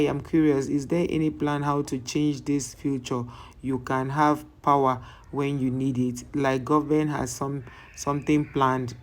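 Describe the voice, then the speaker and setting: A reaction channel host reading viewer comments aloud, often restarting words mid-sentence and adding relaxed, conversational asides between them. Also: mid-range voice.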